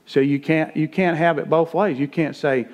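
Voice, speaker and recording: A man's voice: on the high side, steady tone, moderate pace. Folksy middle-aged preacher man. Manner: folksy, plain-spoken preaching with rising emphasis. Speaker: pastor. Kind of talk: conversational sermon.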